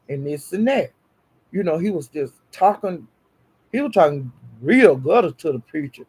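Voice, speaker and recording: A man telling a gossipy story in a casual, animated way. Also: on the high side, normal speed, vocal fry, breathy edge.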